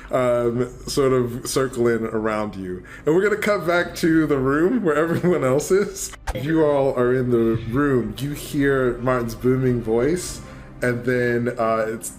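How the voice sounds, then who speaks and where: Unhurried man narrating as game master. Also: medium pitch. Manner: hesitant, full of fillers. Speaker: dungeon master.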